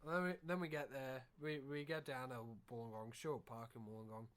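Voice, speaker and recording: A young Australian man co-hosting a podcast tells a long, rambling story in casual chat, swearing freely and sounding animated. His mid-range voice is brisk with a clean tone.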